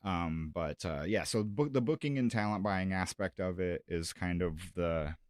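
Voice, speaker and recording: A man's voice: low voice, measured pace, dry recording, studio quality. A man from South Dakota, a music and comedy promoter, chatting casually on a radio show, rambling with lots of fillers and restarts. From Sioux Falls, South Dakota.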